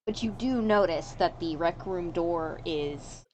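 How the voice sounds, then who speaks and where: A woman's voice: lowish voice, measured pace, darkish tone, slight background noise, low-quality recording. A woman running a tabletop horror campaign as game master, describing scenes with casual fillers and asides.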